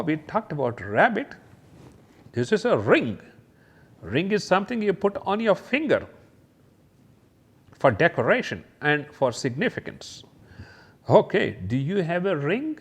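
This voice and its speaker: A man teaching a kindergarten lesson, talking gently and directly to young children and exclaiming over each picture. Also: medium pitch.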